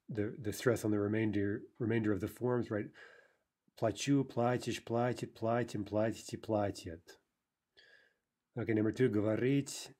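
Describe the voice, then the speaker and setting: A man's voice: on the low side, mellow, husky. A man teaching a recorded language lesson, explaining step by step and checking in with "right?" as he sounds out verb forms. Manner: pronounces foreign verb forms carefully.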